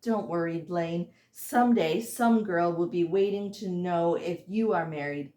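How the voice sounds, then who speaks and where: A woman's voice: lowish voice, a little slow, roomy sound, natural voice. A hot-tempered young heroine, read by a woman. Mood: friendly. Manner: sharp, scolding dialogue.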